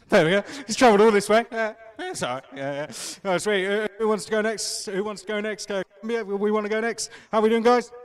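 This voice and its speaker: A man's voice: high voice, fast talker, clean tone. A man interviewing drivers outdoors at a kart track in casual chat, upbeat and rallying, with many fillers and restarts.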